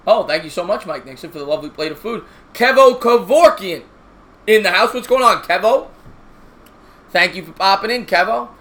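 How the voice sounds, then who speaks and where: Chatty bright-voiced man calling a game. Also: sits high, lively intonation, normal speed. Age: 30s. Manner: chatty, jokey, reads viewer comments aloud. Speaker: live stream play-by-play host. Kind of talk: casual play-by-play with chat shoutouts.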